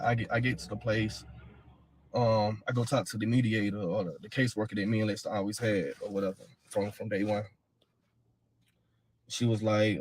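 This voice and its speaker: A low, darkish male voice, with a little hiss or hum on the recording, belongs to the father of a missing woman's child. Casually recounting events himself, he's heated and blunt, repeats himself, and swears.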